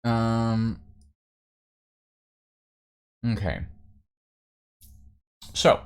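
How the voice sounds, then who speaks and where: A man's voice: mid-range voice, steady tone, very slow, clear, resonant tone. A man hosting a livestream, chatting casually and playfully, rambling and muttering to himself as he writes. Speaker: livestream host.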